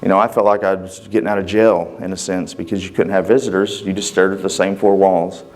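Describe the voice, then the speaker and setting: A man's voice: sits low, flat delivery, a little fast, a little mellow. A man, a father, giving a personal testimony to a congregation, telling his story casually in plain, folksy speech and acting out the conversations. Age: adult father. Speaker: church member giving a testimony.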